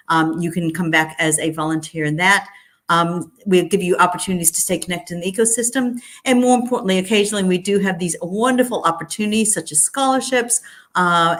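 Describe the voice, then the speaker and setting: A woman speaking to students about an alumni program, friendly and full of ums. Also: on the low side. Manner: friendly, filler-heavy, um before most phrases. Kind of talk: prepared speech to an audience.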